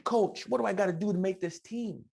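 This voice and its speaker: A man's voice: sits high, a little fast, vocal fry, darkish tone, breathy edge, pitched above the performer's own voice, full character voice. A man voicing an earnest, eager young male soccer player pleading to make the team.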